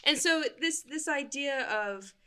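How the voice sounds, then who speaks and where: A woman's voice: high voice, lively intonation, a little slow, bright, forceful tone. A woman talking casually on a discussion panel about a play, enthusiastic and often restarting her thoughts.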